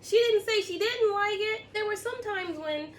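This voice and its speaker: A woman playing a sweet, doting lady with a high-pitched voice who fussed over a dog. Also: normal speed, slight background noise.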